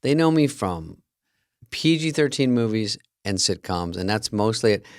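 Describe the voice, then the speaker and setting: A man's voice: on the low side, animated, normal speed, no echo, clean studio sound. A man from Arizona and California co-hosting a podcast, talking in a laid-back, wry, self-deprecating way. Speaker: podcast co-host. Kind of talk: casual chat.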